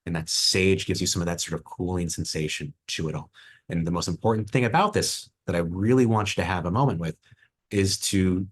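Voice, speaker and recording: A man's voice: low-pitched, husky. A man who is a head distiller, presenting a virtual tasting over a video call with enthusiasm and reflection, full of fillers and restarts.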